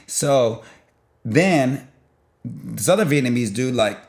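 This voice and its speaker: A man's voice: takes it slowly, vocal fry. A young man telling a long story in a loose, rambling way, full of filler and sound effects. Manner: rambling, peppered with "blah blah" and "boom"; animated, jumps in loudness while retelling. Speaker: vlogger.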